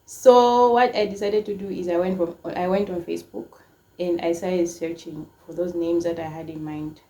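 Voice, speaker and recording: A woman's voice: fairly low pitch, normal speed. A woman in her twenties telling a personal story to camera in a casual, emotional way, full of "like" fillers. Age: 20s. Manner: emotional, frequent "like" fillers, animated quoting. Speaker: storytime vlogger.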